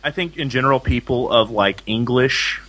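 A man's voice: medium pitch, normal speed, fairly bright tone. A man in casual chat who rambles, filling his talk with "like" and "you know".

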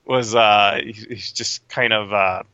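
A man chatting casually and opinionatedly about films, rambling and sometimes shouting impressions. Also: lowish voice, fairly even intonation, slow pace, clean tone, no room sound. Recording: dry, dull lo-fi sound.

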